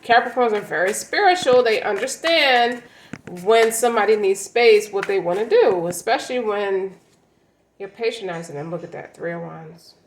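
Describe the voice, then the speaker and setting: A woman reads tarot cards in a loose, conversational way, blunt and full of slang, leaning hard on her points. Her voice sits at an ordinary middle pitch. The room around her is noticeably echoey. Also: normal speed, slight background noise. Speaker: tarot reader. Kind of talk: casual tarot reading.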